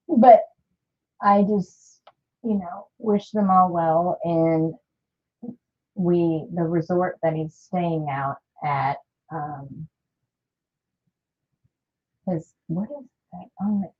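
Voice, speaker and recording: Middle-aged lady rambling thru a craft vlog, low voice, kinda dull lo-fi sound. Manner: chatty, rambling, many fillers. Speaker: crafting vlogger. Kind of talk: casual crafting chat.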